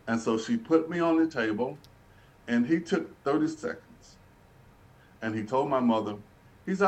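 An older man from Alabama, a podcast guest telling his life story in earnest, vivid detail that slows and softens at painful moments. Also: medium pitch, expressive. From Alabama, USA. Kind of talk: personal life story told in an interview. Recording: voice a little distant from the mic.

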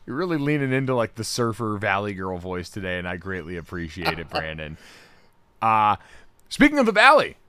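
A man co-hosting a sports podcast in casual talk, animated and sarcastic, now and then jumping to loud mock outrage. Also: low voice, brisk, clean tone, dry recording.

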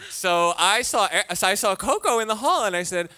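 A man in casual chat, telling a story in an animated, camp way with frequent laughter. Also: high voice, moderate pace.

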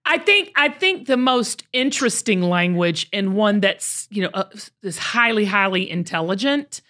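A woman's voice: medium pitch, lively intonation, moderate pace, pushed and bright. A woman with a Southern American accent hosting a casual interview chat, playful and teasing. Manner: playful, teasing, laughs often. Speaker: podcast host.

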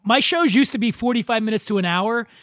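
A man's voice: very high voice, quick pace, fairly bright tone, dry recording, clean studio sound. A man hosting a podcast, bantering and joking in a rambling, casual way. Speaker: podcast host.

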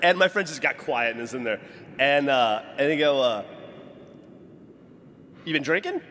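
A man's voice: mid-range voice, brisk, big-room sound, a little hiss or hum. A man co-hosting a podcast, telling a story in casual chat and acting out the quotes. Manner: lively storyteller who acts out quotes. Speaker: podcast co-host.

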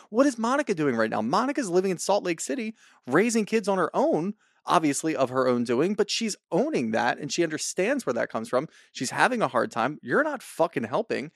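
Blunt profane podcast man, higher voice. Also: big pitch swings, a little fast, no room sound, clean studio sound. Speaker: podcast co-host. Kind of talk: casual recap chat.

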